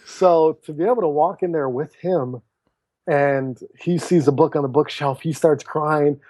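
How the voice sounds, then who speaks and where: A man in his thirties tells his story as a podcast guest in a relaxed, conversational way. His voice sits a bit high for a man, and he acts out the lines of the people in his story. The sound is dry and close, with no room echo. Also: unhurried. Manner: animated storyteller who acts out quoted dialogue. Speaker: podcast guest, author and speaker. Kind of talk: casual storytelling interview.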